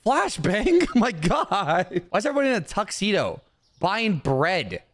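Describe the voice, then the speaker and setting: A man's voice: sits high, huge pitch swings, a little slow, a bit bright. A young man giving comedic gameplay commentary, trash-talking game customers in mock anger. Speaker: gaming YouTuber.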